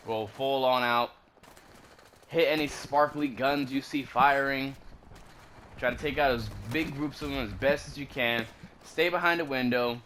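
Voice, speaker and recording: A man's voice: medium pitch, fairly bright tone, a little hiss or hum. A man casually commenting over a video game walkthrough, laid-back and slangy, drifting into rambling asides. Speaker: gaming commentator.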